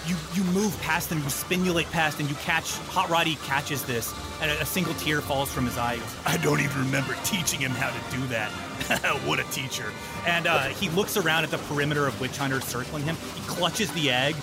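A man narrating a tabletop game as game master, playful and quick to slip into little voices. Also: on the high side, loud music behind the voice.

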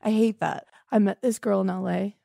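A woman's voice: mid-range voice, fairly even intonation, moderate pace, gravelly, dark tone, no echo, studio quality. A woman in her twenties hosting a comedy podcast, blunt and erratic, oversharing in improvised calls. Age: 20s. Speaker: podcast host.

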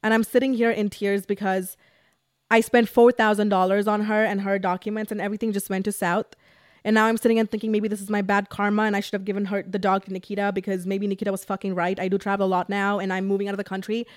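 A woman's voice: mid-range voice, little pitch movement, fast talker, no echo. Dry, rambling young woman podcaster. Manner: rambling and emotional, heavy use of "like". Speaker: podcast host. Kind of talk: casual storytime monologue.

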